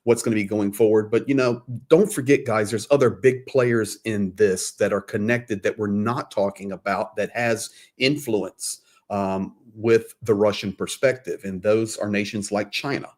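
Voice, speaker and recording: A man's voice: fairly low pitch, steady tone, normal speed, hardly any pauses, darkish tone. A man co-hosting a casual live stream, talking straight to the audience.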